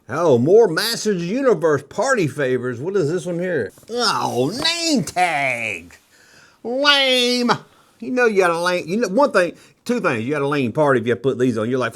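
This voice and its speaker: A middle-aged man hosting a nostalgia toy video, rambling casually and joking, slipping into quick kid impressions. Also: a little high, big pitch swings, fairly bright tone. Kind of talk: casual rambling show-and-tell commentary.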